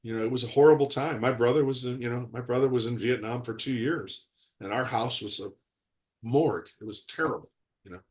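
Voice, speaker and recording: Interviewed over a video call, an actor in his sixties tells rambling, animated stories and laughs a lot. His voice is mid-range and he talks a little fast.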